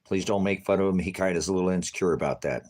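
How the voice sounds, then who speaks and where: Deep-voiced rambling preacher man. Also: racing, a little mellow. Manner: rambling, drifts into baby talk to his cat. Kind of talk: casual talk to viewers. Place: farmhouse.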